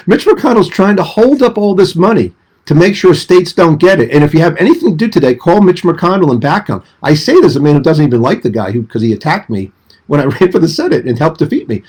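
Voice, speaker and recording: Husky, animated middle-aged man. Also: a little high. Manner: emphatic, rapid-fire opinions. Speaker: guest commentator. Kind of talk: radio phone-in commentary.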